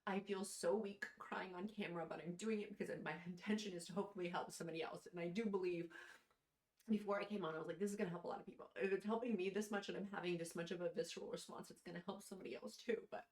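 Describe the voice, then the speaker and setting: A woman's voice: lowish voice, fairly even intonation, fast talker, a little mellow, reverberant. A woman talking straight to camera in a vlog, tearful and heartfelt, rambling with fillers. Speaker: vlogger. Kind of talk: emotional casual vlog. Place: at home, in her robe.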